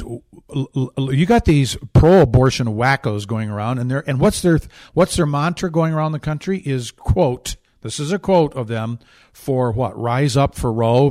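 A man's voice: mid-range voice, darkish tone. A man hosting a political talk show, delivering sarcastic, indignant commentary with emphatic repetition and frequent restarts.

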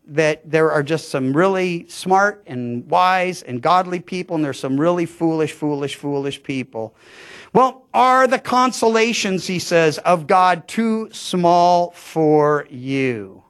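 A man's voice: fairly high pitch, fairly bright tone. A pastor giving a conversational verse-by-verse sermon, often restarting his sentences. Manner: conversational, frequent stammered restarts. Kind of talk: sermon, verse-by-verse Bible teaching.

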